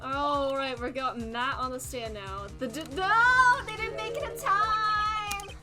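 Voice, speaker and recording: A young woman streaming a game, giving excitable, joking and nervous commentary. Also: high-pitched, slow pace. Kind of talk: let's play commentary. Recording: game music behind voice.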